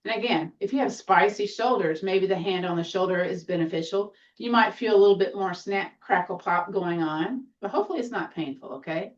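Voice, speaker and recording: A woman guides a seated tai chi class, her cues gentle, encouraging and now and then playful. She sounds a little away from the mic, and the sound comes through muffled and dull. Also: medium pitch, a little fast, hardly any pauses, distant mic.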